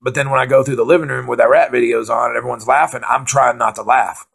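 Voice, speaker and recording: Man, stand-up storyteller, very gravelly, husky, profane and excitable. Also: medium pitch, quick pace. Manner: profane, excitable, acts out his own panic. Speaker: stand-up comedian. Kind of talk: rambling comic storytelling.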